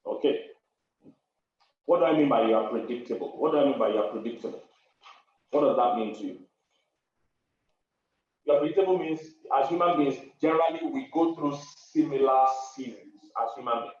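A man's voice: medium pitch, a little fast, pauses often, a little mellow, a little hiss or hum. A man, a pastor and marriage counselor preaching to an online audience. He stresses his points, repeats key phrases and laughs between them. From Africa. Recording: very echoey room, distant muffled mic.

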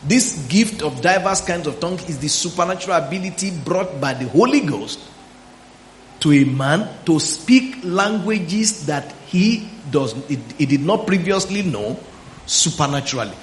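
A man delivers a Bible teaching sermon in a high, ringing voice. He keeps checking with his listeners and draws out words for weight. The room is echoey and faint ambience sits underneath. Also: animated, normal speed, a little hiss or hum. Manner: questioning the congregation, drawing out words for emphasis. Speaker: pastor.

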